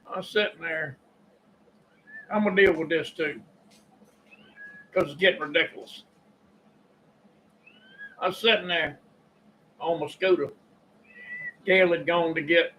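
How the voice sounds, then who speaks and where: An older man with a Kentucky drawl, talking in a rambling, folksy monologue and clearing his throat often. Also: a little high, a bit bright, a little hiss or hum, low-quality recording. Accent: Southern US (Kentucky). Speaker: YouTube preacher and storyteller. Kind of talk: casual monologue.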